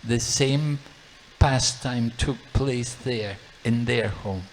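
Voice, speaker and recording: A serene divine boy gently reproves and confides, as a male storyteller plays him. He speaks slowly and evenly, with quiet authority. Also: medium pitch, a little hiss or hum, pitched below the performer's own voice, natural voice. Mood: confiding. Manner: questioning, then hushed and confiding.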